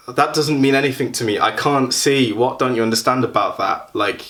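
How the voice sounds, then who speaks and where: A man's voice: medium pitch, a little fast, fairly bright tone. Young man, casual vlogger, wry and self-mocking. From London. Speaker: YouTuber. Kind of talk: casual vlog talk.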